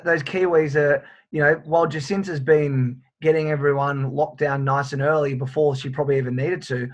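A man in casual sports chat, riffing with goofy jokes. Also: fairly high pitch.

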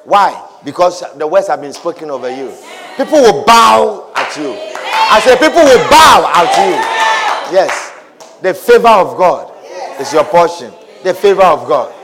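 A man pastor preaching a sermon, repeating shouted blessings and swinging between quiet speech and loud calls. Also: fairly high pitch, sing-song, a little slow, over a noisy crowd, heavy background noise.

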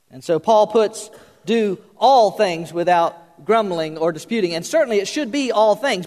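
Older man preaching in a reverberant hall. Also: very high-pitched. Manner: folksy, joking, with many fillers and restarts. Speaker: pastor. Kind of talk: sermon.

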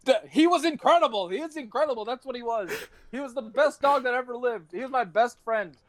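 High-voiced rambling young man. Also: a little fast, dry recording. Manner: rambling, swearing, laughing storyteller. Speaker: podcast host. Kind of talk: casual podcast chat.

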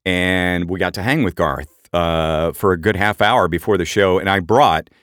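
A middle-aged man co-hosting a podcast, telling animated anecdotes in casual chat and jumping up in pitch for quoted voices. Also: moderate pace, clear, resonant tone, dry recording, studio quality. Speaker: podcast co-host.

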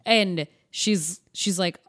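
A woman's voice: on the low side, slow pace. Sarcastic, profane woman podcast host. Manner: animated, profane, sarcastic retelling. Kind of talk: casual chat recapping a film.

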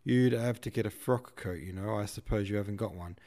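A man reading a novel aloud, voicing a brusque, boastful middle-aged shop manager, a bit higher and louder than his narration. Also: a little fast, lightly acted. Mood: pompous.

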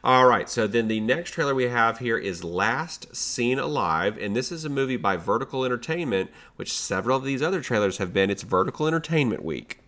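A man's voice: medium pitch, expressive, a little fast, few pauses, a bit bright. A man co-hosting a podcast, chatting casually about movie trailers with jokey, sarcastic asides. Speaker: podcast co-host.

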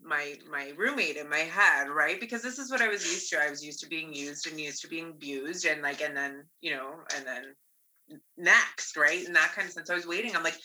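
A woman's voice: low voice, moderate pace, pushed and bright, rough recording. A woman, a guest on the show, candidly and earnestly telling a personal story, often checking in with "right?".

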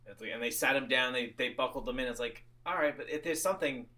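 Male podcast co-host, mid-pitched, loose and animated, swears, acts out quotes. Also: quick pace. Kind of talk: casual movie discussion.

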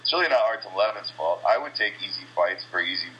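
A man's voice: lowish voice, expressive, fast, dull audio. A man from the USA, a kickboxing champion, giving blunt, rambling, trash-talking answers in a casual interview.

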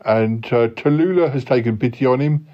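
A man voicing a gruff, low, manly yeti uncle who waffles on with lots of fillers and restarts, on a slightly dull recording. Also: normal speed, close to an everyday voice. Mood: rambling.

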